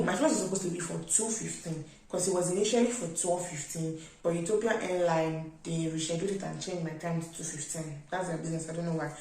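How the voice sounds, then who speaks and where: Young nigerian woman chatting thru a travel story, lowish voice, lots of "like", mic far off. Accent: Nigerian English. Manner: chatty, animated retelling with many "like" fillers. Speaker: vlogger. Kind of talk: casual storytelling. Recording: very echoey room, speaker away from mic.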